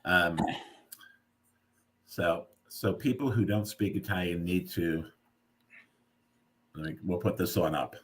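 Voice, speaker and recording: A man's voice: sits low, slow pace, pauses often. A man hosting a casual live video chat who playfully explains food words like a teacher. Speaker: host. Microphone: video call.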